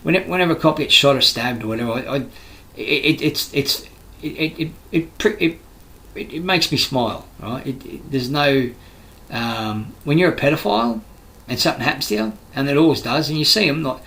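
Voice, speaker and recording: A man's voice: mid-range voice, expressive, fairly quick, vocal fry, few pauses, bright, forceful tone, poor audio. A man with an Australian accent, a construction worker delivering a rambling, heated, profane monologue full of restarts. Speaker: construction worker giving his views.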